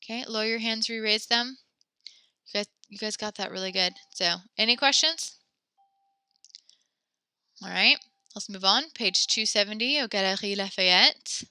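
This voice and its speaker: A woman teaches French to a class over a computer mic, encouraging her students and spelling out verb forms one at a time. Her voice is very bright and sits in the middle of the range for a woman. The sound is dry and close, with keyboard clicks now and then. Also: medium pitch, normal speed, pauses often, smooth, no room sound. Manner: encouraging, praises students often; walks through conjugations step by step.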